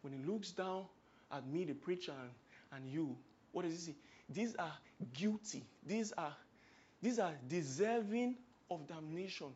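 A man with a Nigerian accent preaching a sermon, swinging from hushed, quiet passages to loud, emphatic outbursts. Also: on the high side, lively intonation, a little slow, highs cut off, a little hiss or hum.

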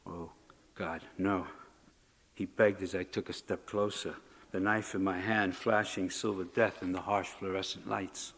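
A man reading a first-person prison story aloud at an awards ceremony, with measured, dramatic storytelling. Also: low-pitched, little pitch movement, fairly bright tone. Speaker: prison writing award reader.

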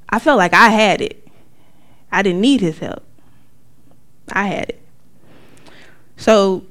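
A middle-aged woman giving a church testimony in a casual, conversational way, acting out quotes with sudden high outbursts. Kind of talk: testimony talk.

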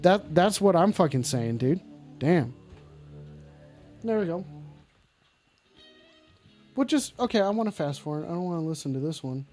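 A man with a high voice hosts a call-in show, loud-mouthed and blustering, full of curses and repeated lines. Faint music plays behind him. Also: animated, moderate pace, long pauses. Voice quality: brash, blustering and profane, often repeats himself. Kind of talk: comedic call-in livestream in character. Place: indoors at home.

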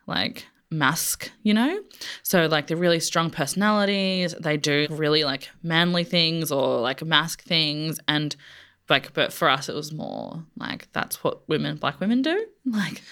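A young woman with a low, deep voice chats loosely on a podcast. She leans on lots of "like" fillers and laughs easily. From Australia. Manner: relaxed, many "like" fillers, laughs often. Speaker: guest. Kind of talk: casual chat.

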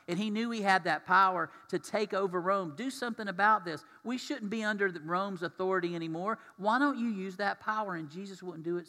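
A man's voice: on the high side, a bit bright. A man preaching a sermon as pastor, talking conversationally and putting questions to his congregation. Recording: long reverb of a large hall.

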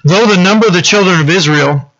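A male pastor giving a conversational sermon, often checking in with "right?" and pausing on fillers. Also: sits high, fairly bright tone. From French-descended local community. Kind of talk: sermon teaching. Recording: dull lo-fi sound.

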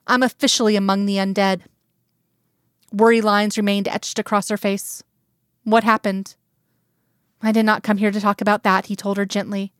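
A woman reading fan fiction aloud in a soft, gentle narration, voicing the dialogue quietly. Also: medium pitch, clear, resonant tone, no room sound, studio quality. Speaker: reader.

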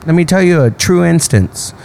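A man's voice: a little high, expressive, normal speed, vocal fry, a little mellow, slight background noise. A man from the United States in casual podcast chat, telling a story with lots of fillers and some swearing.

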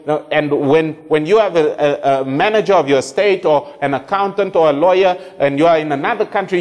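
A male preacher giving an animated sermon, acting out prayers and dialogue in shifting voices. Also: fairly high pitch. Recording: long hall reverb.

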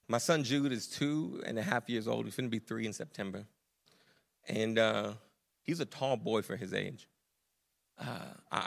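A young adult man preaching a sermon as pastor, animated and casual, with slang. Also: mid-range voice.

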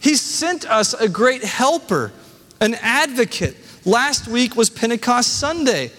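A male pastor in his thirties preaches, reading scripture aloud and breaking off for personal asides. His voice sits high for a man. The sound carries the long reverb of a church hall. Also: big pitch swings, slow pace, fairly bright tone. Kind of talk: sermon.

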